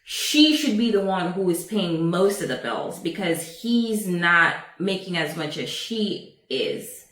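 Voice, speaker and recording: Brief: deep-ish female voice, challenging, echoey room. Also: very animated, takes it slowly, hardly any pauses, fairly bright tone.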